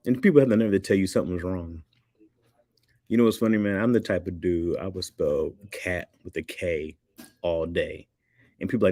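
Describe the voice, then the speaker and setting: Guy on a livestream, low voice, dry close sound, goofing around reading chat. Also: moderate pace, darkish tone, no echo. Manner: loose, joking, laughs often, reads comments aloud.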